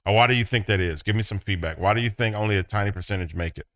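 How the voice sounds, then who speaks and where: A middle-aged man teaching a business class, acting out excited quotes in a high voice. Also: racing, no room sound. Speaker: business instructor. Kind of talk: classroom lecture.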